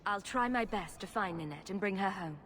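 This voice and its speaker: Woman playing a calm warrior heroine, direct, steady, mid pitch. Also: a little fast, slight background noise, lightly acted. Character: composed female warrior hero offering help.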